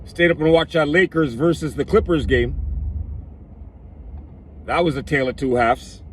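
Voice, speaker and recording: A man with a voice he says is going hoarse, talking emphatically to his viewers in a casual sports vlog. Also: fairly high pitch, moderate pace, a little hiss or hum. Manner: emphatic, addresses viewers as "people". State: losing his voice. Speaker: vlogger.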